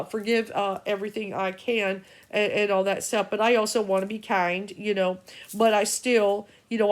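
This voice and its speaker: A middle-aged woman talks straight to camera as an intuitive reader. Her voice sits at an ordinary middle pitch. She jumps from thought to thought with cursing and exasperated asides. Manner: agitated, profane, stream-of-consciousness. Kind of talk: rambling spiritual vlog rant.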